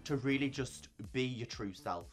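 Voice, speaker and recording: A man's voice: medium pitch, normal speed, soft background music. A man who performs in drag, chatting casually as an interview guest, bubbly and often laughing. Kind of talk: casual chat.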